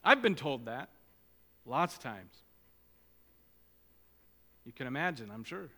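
A man's voice: mid-range voice, sing-song, takes it slowly, bright, forceful tone. A man preaching a sermon as pastor, urging his listeners on with earnest, repeated exhortations. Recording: long hall reverb.

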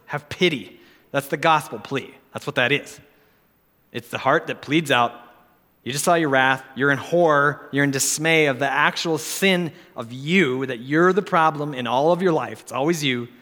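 A man's voice: on the high side, sharp tone. A man preaching a sermon in an earnest, pleading, conversational way, correcting himself as he goes. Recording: long hall reverb.

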